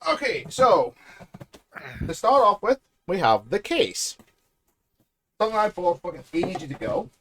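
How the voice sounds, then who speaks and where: A man's voice: high-pitched, big pitch swings, a little slow, a bit bright, a little hiss or hum. A British man casually chatting on a live stream while building a PC, rambling and joking at his own expense. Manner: joking, rambling, self-deprecating.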